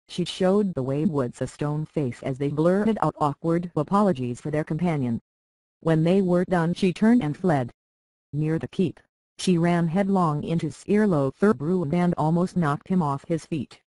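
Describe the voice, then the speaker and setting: Dry, steady fantasy audiobook narrator. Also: mid-range voice, moderate pace, dry recording.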